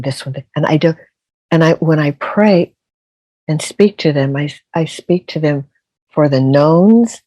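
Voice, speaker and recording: An older woman speaks slowly with a gravelly, creaky edge. She tells her story as a podcast guest and repeats phrases for emphasis. Her voice sounds dry and close, with no room around it. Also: deep voice, mellow, no room sound. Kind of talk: casual interview storytelling.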